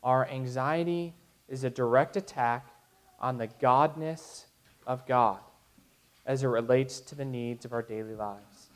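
This pastor, a man in his thirties, takes an unhurried pace in a medium-pitched voice as he preaches to his congregation. His delivery is earnest, marked by frequent restarts and soft laughter.

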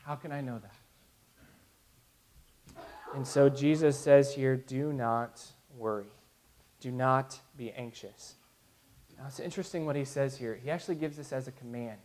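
A man in his thirties preaching a sermon to his congregation, earnest, with frequent restarts. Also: on the high side. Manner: earnest, with restarts and soft laughs. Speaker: pastor.

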